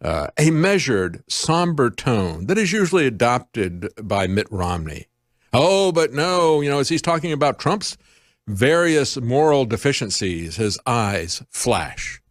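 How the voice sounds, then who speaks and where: A man's voice: medium pitch, sing-song, a little slow, dry recording, studio quality. A man hosting an opinionated news commentary show, sarcastic and emphatic, playing with words. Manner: sarcastic, emphatic, wordplay-heavy. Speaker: host.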